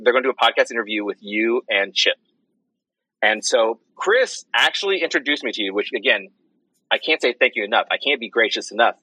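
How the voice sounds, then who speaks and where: A man's voice: medium pitch, bright, forceful tone, slightly rough, dry recording, low-quality recording. A man who is a guest on a podcast, chatting casually and rambling through a story with many restarts. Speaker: podcast guest, comics writer. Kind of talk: casual chat.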